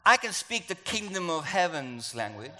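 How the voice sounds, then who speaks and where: A South African man preaching a sermon in an animated, playful way, acting out voices. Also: sits high, normal speed, heavy background noise. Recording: echoey hall.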